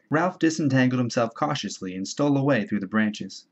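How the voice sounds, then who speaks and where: A man reading a novel aloud in a measured, steady storytelling voice. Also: mid-range voice. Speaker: audiobook reader. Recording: dull lo-fi home recording.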